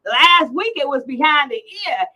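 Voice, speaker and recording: A woman's voice: sits high, expressive, moderate pace, sharp tone, rough recording. A middle-aged woman hosting a casual livestream chat, teasing and brash as she reads out comments. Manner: brash, teasing, salty language. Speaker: livestream host.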